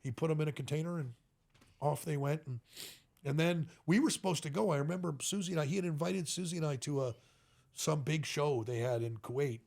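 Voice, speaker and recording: A middle-aged man, a custom motorcycle builder, telling animated stories as a podcast guest and often laughing between them. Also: on the high side, fairly quick, gravelly. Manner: animated, tells stories with quoted voices and frequent laughs. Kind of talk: casual storytelling in a podcast interview.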